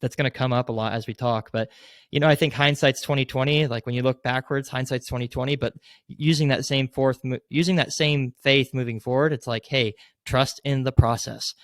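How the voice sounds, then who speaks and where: Talking fairly quickly with fairly even intonation and a medium pitch, a man guesting on a podcast spins a rambling sales story full of fillers, especially "like." He acts out quoted lines and gets loud in the retelling. The sound is clean studio audio without echo.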